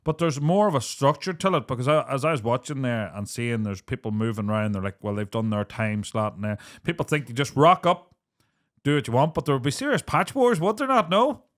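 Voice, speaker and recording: A man's voice: medium pitch, lively intonation, fairly quick. A man hosting a podcast, asking long, rambling questions in casual chat. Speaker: podcast host.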